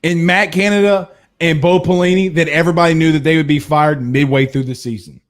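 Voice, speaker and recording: A man's voice: a little high, steady tone, fairly quick. A man hosting a live-stream sports talk show, reading viewer comments and giving blunt opinions. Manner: blunt and opinionated, with frequent restarts and laughs.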